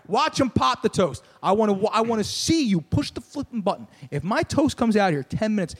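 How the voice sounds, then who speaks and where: A young man hosts a casual sports podcast with a fairly high voice. He tells stories in an animated way and rants with plenty of laughter. He riffs loosely on the other speakers and keeps the banter going. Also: normal speed, hardly any pauses, breathy edge. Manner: animated storyteller, riffing and ranting with laughs. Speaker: podcast host.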